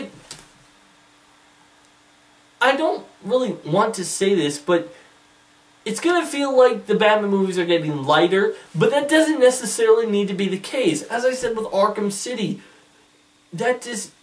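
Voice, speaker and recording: A man talks through a casual vlog monologue, often rambling and restarting his thoughts. His voice sits a little high for a man. He sounds set back from the microphone, slightly distant. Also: animated, normal speed. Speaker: vlogger.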